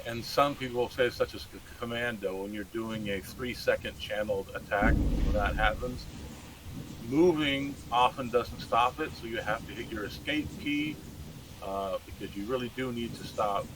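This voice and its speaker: A man's voice: medium pitch, moderate pace, poor audio. A man with an ordinary mid-range voice chimes in with practical game advice. He gives firm, direct reminders to the group. A faint background hiss sits under his headset audio. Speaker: raid member adding advice. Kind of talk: game tactics on voice chat.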